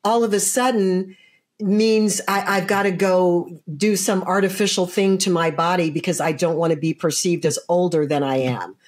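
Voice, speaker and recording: A woman's voice: fairly low pitch, fairly even intonation, moderate pace, a little mellow. A woman in her sixties who hosts a conversational interview, speaking thoughtfully and hesitantly, with many fillers. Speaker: host.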